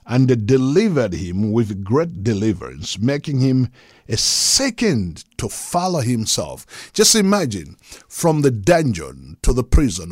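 A man's voice: medium pitch, dry recording, studio quality. A man delivering a sermon in an emphatic preaching cadence, unscripted and full of fervor.

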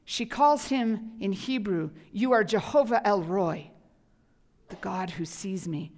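A woman pastor preaching a sermon with passion, dropping to whispers and rising to loud emphasis. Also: mid-range voice, slow pace. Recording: hall reverb.

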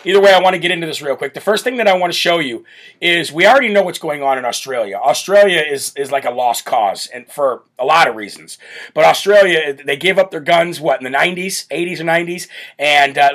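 A man hosting a live political talk show, brash and loud, often breaking into laughter. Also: a little high, fairly quick. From United States. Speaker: show host.

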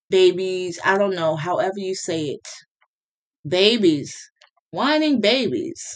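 A woman's voice: mid-range voice, a little mellow. A woman talking straight into the mic as a solo podcast host, in an unscripted, casual monologue. Her delivery is blunt and heated, sprinkled with swearing and fillers like "um" and "like.".

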